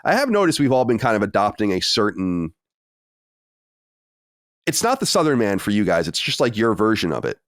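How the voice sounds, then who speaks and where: A man's voice: lowish voice, wildly swooping pitch, a little fast, pauses often, dry recording, studio quality. A man hosting a podcast in loose, rambling, self-deprecating casual chat. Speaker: podcast host.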